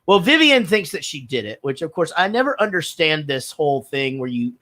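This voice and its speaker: A man's voice: a little high, a little fast. A man co-hosting a comedy movie podcast, recapping a film in loose, joking banter and laughing often. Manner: animated, laughs a lot, breaks into quoted voices. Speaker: podcast co-host.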